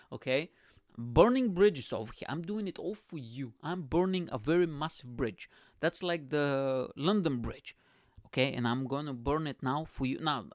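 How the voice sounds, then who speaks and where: A man's voice: mid-range voice, no room sound, clean studio sound. A young man with an accent, hosting a podcast with a crude, boastful, self-mocking comedic monologue. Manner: speaks with an accent. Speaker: podcast host.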